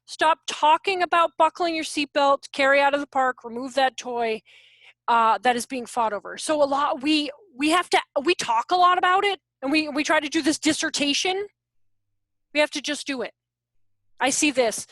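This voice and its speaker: A woman's voice: high-pitched, animated, moderate pace, fairly bright tone, dry recording. A woman presenting an online workshop on parenting and teaching, talking casually and acting out parents and kids as she goes. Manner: chatty, acts out parent and child voices. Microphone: video call.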